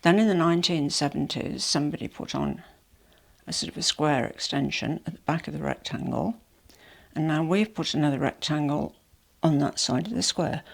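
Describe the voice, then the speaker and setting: A vlogger with a cold talks to camera at home during a casual unboxing chat, her low, gravelly voice sounding nasal and slightly breathless. She rambles apologetically, picked up by a small microphone.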